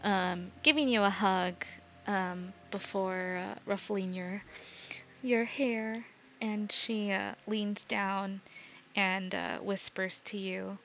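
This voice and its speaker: A woman narrating as dungeon master of a live-streamed tabletop game, halting and full of ums, in a slightly dull lo-fi recording. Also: medium pitch, steady tone, fairly bright tone. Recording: slightly dull lo-fi sound with faint noise.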